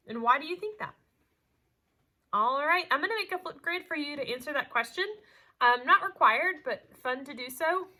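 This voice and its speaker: A woman teacher reading a picture book aloud to her students with expressive, dramatic storytelling, then giving chatty instructions. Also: high voice, moderate pace.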